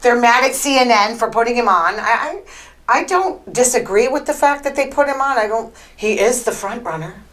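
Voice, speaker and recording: A woman's voice: fairly high pitch, animated, normal speed, fairly bright tone, low-quality recording. Chatty, rambling woman podcast host. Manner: chatty, rambling, opinionated with filler words. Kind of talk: casual solo commentary.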